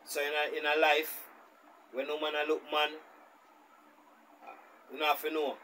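A man with a Jamaican accent hosting a reaction video, telling a story in an animated manner. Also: fairly high pitch, unhurried, slight background noise, low-quality recording. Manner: animated, speaks in Jamaican Patois. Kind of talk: storytelling commentary.

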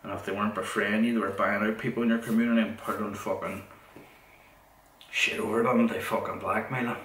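A middle-aged man with a Northern Irish, Derry accent tells a long, rambling story. His voice is low and flat, and he swears bluntly and repeats himself. He sits back from the mic in a roomy, echoing room with faint noise. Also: quick pace, distant mic. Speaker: podcast host.

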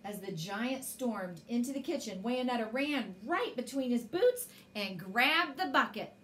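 A woman reading a bedtime story aloud with an expressive storyteller's manner. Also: fairly high pitch, a little slow.

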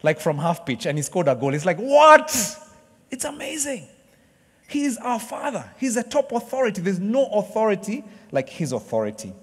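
A fairly high-voiced man preaches to his congregation in a church hall, and the sound rings out with a long reverb. He jokes with the people in front of him and slips into excited voices as he acts out cheering sports fans. The delivery is loose and conversational, with bursts of energy. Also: fairly quick, hardly any pauses, slightly rough. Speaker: pastor. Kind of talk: sermon.

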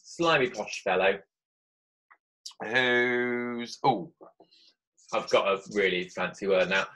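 A man leads a remote writing lesson for young pupils, talking his draft through aloud with friendly asides. His voice sits fairly low yet comes across bright and forceful. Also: takes it slowly. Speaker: primary school teacher.

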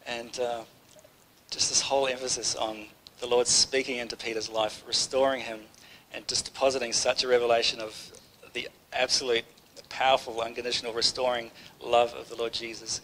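Guy preaching a chatty sunday sermon, pretty flat voice, keeps restarting, bit of faint noise behind. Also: mid-range voice, moderate pace, rough recording. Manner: conversational, rambling, with many restarts. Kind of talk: informal sermon.

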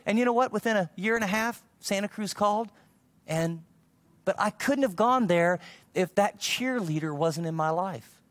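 A middle-aged man preaching and spinning personal stories, voicing the people in them as he goes. His voice sits a touch high for a man. The sound is dry and close, with little room in it. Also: normal speed, no echo. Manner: animated storyteller acting out quoted dialogue. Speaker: pastor. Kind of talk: sermon storytelling.

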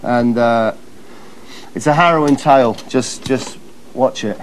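A man's voice: medium pitch, unhurried, a little hiss or hum, low-quality recording. A man hosting a comedy show, introducing clips with mock-dramatic asides and frequent laughter. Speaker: host presenting clips. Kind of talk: comic presenting.

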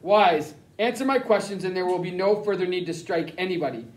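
A stern, cold German-speaking officer in an audiobook, clipped and crisp with quiet menace, as a man reads him. The voice sits high, and the room around it is echoey. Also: lively intonation, brisk. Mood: menacing. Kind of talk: audiobook character reading.

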